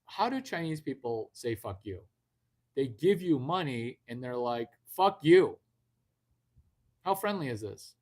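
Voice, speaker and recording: A man's voice: mid-range voice, sing-song, moderate pace, few pauses. A man hosting a live video stream, talking brashly and rambling at his viewers with a lot of swearing. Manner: brash, profane, rambling, addresses viewers directly. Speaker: livestream host. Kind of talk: unscripted livestream talk.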